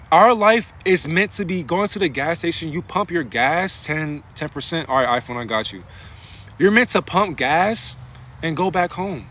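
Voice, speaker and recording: A man's voice: on the high side, sharp tone. A man delivering a rambling, profane spiritual monologue into his phone, preaching in a casual way. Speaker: spiritual vlogger.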